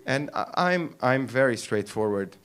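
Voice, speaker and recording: A man's voice: mid-range voice, a little slow, smooth. A man performing a crude, rambling stand-up comedy set on a club stage with a handheld mic, from the Arab world. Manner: brash, crude, rambling and animated.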